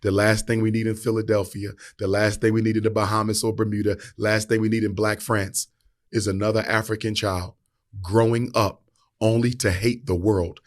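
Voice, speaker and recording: A man's voice: on the low side, level tone, normal speed. A man giving an impassioned speech to an audience, repeating his lines for emphasis in a preacher-like cadence. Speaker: public speaker.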